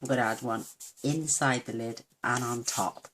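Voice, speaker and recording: Very deep-voiced chatty woman. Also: steady tone, moderate pace, fairly bright tone, slight background noise. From United Kingdom. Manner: homely, chatty, self-deprecating asides. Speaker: papercraft demonstrator. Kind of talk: chatty craft tutorial.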